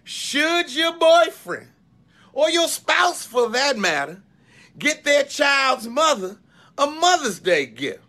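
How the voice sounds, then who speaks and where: A man, a comedian and radio host, speaking in a drawn-out, sing-song cadence in a clip played from a social media video. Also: extremely high pitch, big pitch swings, pushed and bright.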